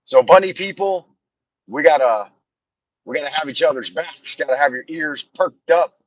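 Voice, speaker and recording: A man's voice: fairly high pitch, normal speed, dry recording, highs cut off. A man rambling and telling stories on a live stream from his car while driving, with a meandering, self-deprecating, joking manner. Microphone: phone on a camera mount.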